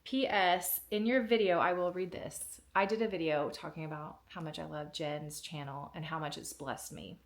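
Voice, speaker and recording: A woman vlogger unboxing a package in a casual, excited way, gushing and close to tears. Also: low-pitched, moderate pace, hardly any pauses.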